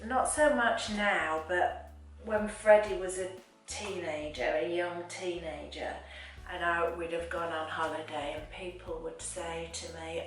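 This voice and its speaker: A middle-aged woman vlogger in casual chat, mildly exasperated, lively when she acts out quotes. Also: fairly low pitch, measured pace. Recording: echoey room from far off, faint music.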